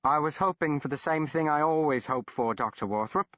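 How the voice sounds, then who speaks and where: A frightened, scrawny Englishman squeals and wheezes his lines in a thin, very high voice, as a male narrator puts him on. The English accent is plain. The audiobook recording is dry and a little dull. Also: fairly quick, fairly bright tone, no room sound, close to an everyday voice. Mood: sheepish. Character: frail English man, high-pitched, pleading and scrawny.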